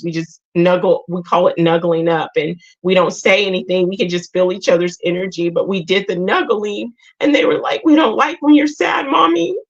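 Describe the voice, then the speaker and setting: A woman hosting a live group talk, sharing her own story in a halting, emotional way and often repeating or restarting her words. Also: fairly low pitch, vocal fry, lo-fi sound. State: tearful at times. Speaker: host.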